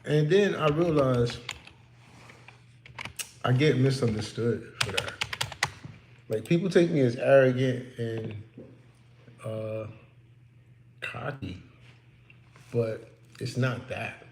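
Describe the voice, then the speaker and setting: Gravelly man giving casual pep talk. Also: medium pitch, slow pace, pauses often, roomy sound, background noise. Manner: candid, preachy, talks to the listener directly. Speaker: real estate investor. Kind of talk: casual motivational talk while working. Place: office.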